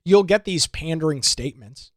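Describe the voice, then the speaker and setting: A man's voice: a little high, animated, normal speed, no room sound, clean studio sound. A man hosting a political talk show, delivering an emphatic, indignant monologue with lots of rhetorical repetition. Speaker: radio talk show host.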